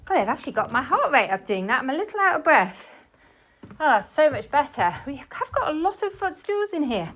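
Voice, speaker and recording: A woman's voice: sits high, very animated, brisk, hardly any pauses, fairly bright tone, a little hiss or hum. A woman chatting to viewers as she cleans her living room, talking while moving around the room. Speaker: cleaning vlogger. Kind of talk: casual chat while cleaning. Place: living room at home, indoors.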